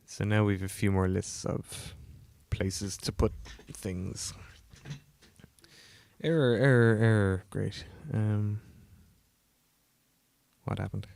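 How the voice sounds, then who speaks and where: Croaky low-voiced man livestreaming code. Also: monotone, slow, a little mellow. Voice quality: gravelly, lower than usual. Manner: rambling, self-deprecating, many fillers. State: croaky, getting a cold, yawning. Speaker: indie game developer streaming his work. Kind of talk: casual livestream commentary while coding. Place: home room, cold.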